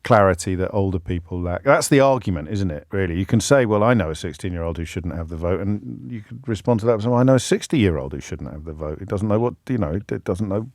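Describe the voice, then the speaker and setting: A man's voice: low-pitched, expressive, fast talker, few pauses, darkish tone, dry recording, studio quality. A man hosting a radio phone-in, chatty and self-mocking, often restarting his sentences. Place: radio studio. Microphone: studio microphone.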